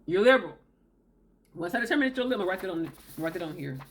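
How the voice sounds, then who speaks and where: A woman with a lowish, animated voice talks rapid-fire straight to camera while hosting a self-help video, with a little hiss or hum audible. Her advice is emphatic, full of repeated key phrases and acted-out quotes from other people.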